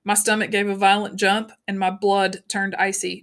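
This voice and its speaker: A woman reading a novel aloud in an even, unhurried narration with small slips. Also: mid-range voice. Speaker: audiobook narrator.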